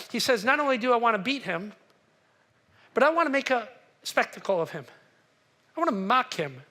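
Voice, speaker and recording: A man preaching a sermon as pastor, telling a story with animated quotes and asking the congregation questions. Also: very high-pitched.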